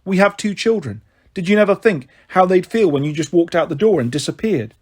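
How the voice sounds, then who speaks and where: A man putting on a wounded, anxious mother confronting her ex, shaky and reproachful. The voice is husky and lively in pitch, lifted above the reader's own. It is a storybook reading. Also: a little fast. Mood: hurt. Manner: pained, reproachful. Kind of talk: audiobook character voice.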